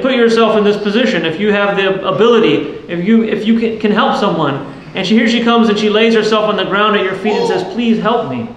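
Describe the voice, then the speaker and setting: A man preaching a sermon as a priest, earnest and explanatory, often asking the listeners questions. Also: sits high. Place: church. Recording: very echoey church with faint noise.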